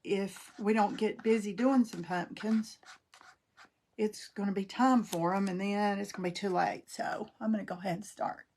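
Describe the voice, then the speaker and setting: A woman's voice: mid-range voice, fairly even intonation, moderate pace, a little mellow, a little hiss or hum. A middle-aged woman hosting a craft livestream, chatting folksily and greeting viewers by name as she works. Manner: folksy, talks to viewers by name while working.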